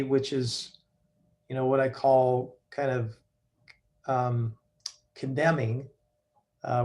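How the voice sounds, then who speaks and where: A man's voice: mid-range voice, darkish tone. A middle-aged man giving a conversational talk to a group, with plenty of fillers and restarts.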